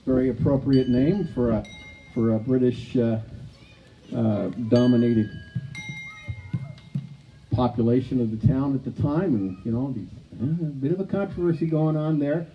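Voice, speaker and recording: A man's voice: mid-range voice, moderate pace, pauses often, highs cut off, soft background music. A man presenting a live outdoor stage show, rambling and playful, with many asides. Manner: chatty, full of "you know" asides, playful showman.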